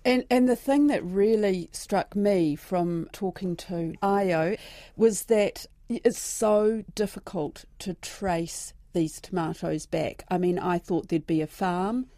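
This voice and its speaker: A woman's voice: lowish voice, slow pace, warm tone, no echo. A woman radio host, asking brief probing questions. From New Zealand. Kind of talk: interviewing.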